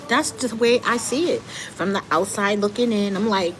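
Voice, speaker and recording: A middle-aged woman hosting a live stream, giving candid, animated commentary straight to her viewers. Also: mid-range voice, normal speed, few pauses. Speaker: livestream host. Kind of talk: casual commentary monologue. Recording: noticeable background noise.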